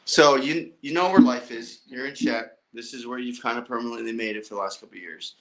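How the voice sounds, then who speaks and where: A man's voice: mid-range voice, a little fast. A man hosting a podcast in casual interview chat, upbeat and playful with joking asides. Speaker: podcast host.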